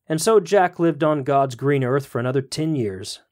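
A man podcast host reading a story aloud in a measured storytelling manner. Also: medium pitch, a little mellow. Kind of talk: scripted story narration.

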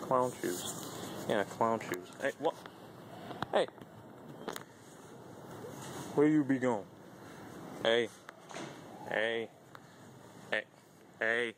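A man's voice: mid-range voice, extremely slow, pauses often. A man vlogging with playful, joking commentary while walking through a big retail store. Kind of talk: goofy vlog banter. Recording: noisy store ambience.

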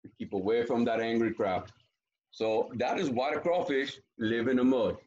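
A man's voice: mid-range voice, normal speed, lo-fi sound. Man reading a storybook aloud to kids. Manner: lively, chatty asides. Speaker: teacher reading a story to children.

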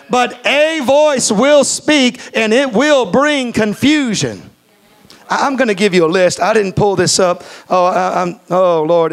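A man with a notably high voice preaches a sermon from the pulpit. He drives his points home by repeating phrases. At times he slows into a careful, measured cadence. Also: creaky. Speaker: pastor.

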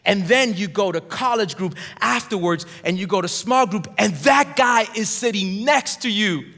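A man's voice: high voice, moderate pace, pushed and bright, soft background music. A man preaching a sermon as pastor, emphatic and building, calling on the congregation to repeat words back to him. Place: large church auditorium. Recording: long hall reverb.

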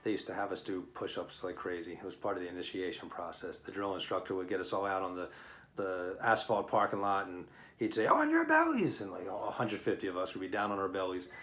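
A man's voice: sits low, level tone, fast, a bit bright. A middle-aged man, a former firefighter, telling a personal anecdote in a plain-spoken, rambling, self-deprecating way.

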